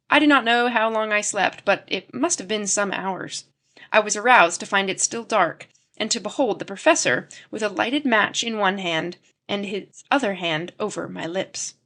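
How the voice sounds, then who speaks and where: A woman narrates a classic adventure novel in an even, steady manner. Her voice is bright and clear, at a middle pitch. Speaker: audiobook narrator. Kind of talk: scripted narration.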